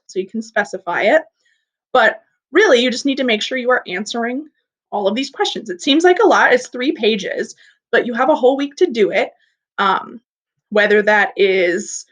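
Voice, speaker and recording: A woman's voice: a little high, fairly bright tone. A young woman teaching an English class online in a chatty, playful way, explaining things simply. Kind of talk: recorded online class lesson.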